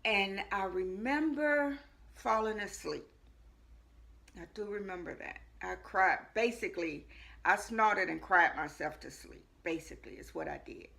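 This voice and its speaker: A woman, a life coach, telling her personal testimony in earnest, repeating phrases for weight and moving between hushed and loud moments. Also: medium pitch, lively intonation, measured pace, creaky. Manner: earnest storytelling with frequent repetition; shifts between hushed and loud as she tells it.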